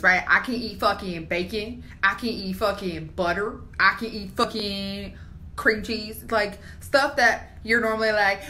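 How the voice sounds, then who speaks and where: Bright, excitable young woman cursing gleefully. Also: medium pitch, slight background noise. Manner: excitable, profane, emphatic. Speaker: vlogger. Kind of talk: casual phone rant.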